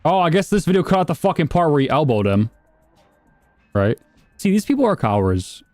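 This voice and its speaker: A man's voice: fairly high pitch, big pitch swings, fairly quick, darkish tone, no room sound, soft background music. Profane, rambling male streamer. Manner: blunt, profane, rambling asides. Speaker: streamer reacting to videos. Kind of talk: casual reaction commentary.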